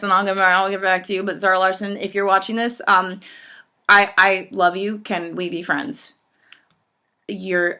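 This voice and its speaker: A woman's voice: medium pitch, pushed and bright. A woman singer answering fan questions in a casual chat, effusive and enthusiastic.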